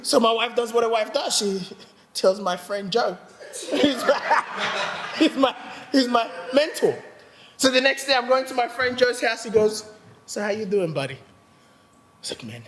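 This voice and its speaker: A man's voice: extremely high pitch, big-room sound, heavy background noise. A man preaching a sermon, telling a personal story with humor and acting out the voices of others. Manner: animated, acts out quoted voices, laughs often. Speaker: pastor. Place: church hall.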